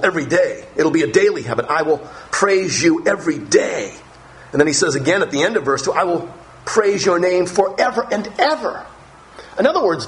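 On a low-quality recording, a male pastor with a voice on the high side preaches a Bible-teaching sermon. He reads verses aloud and stresses key phrases strongly.

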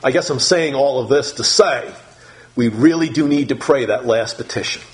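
A male pastor preaching a sermon in an animated, emphatic manner, dropping low and soft for prayer. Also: normal speed.

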